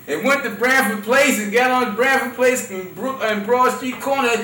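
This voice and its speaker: A man's voice: very high voice, unhurried. Male religious teacher, chatty storytelling sermon, distant roomy recording with faint background noise. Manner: animated storytelling, chuckling, conversational. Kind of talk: informal sermon with anecdotes.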